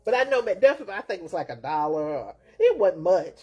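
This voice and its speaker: Lady in her 50s hosting a chat, husky voice, real up and down, laughing through her stories. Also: lowish voice, brisk, muffled recording. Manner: animated storytelling, laughs often. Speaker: host. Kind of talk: casual chat.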